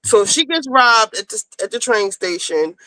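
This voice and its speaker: A woman's voice: on the high side, expressive, normal speed, pushed and bright, no echo, rough recording. A woman hosting a casual talk show, rambling as she retells a TV episode and acts out the characters' lines. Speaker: podcast host.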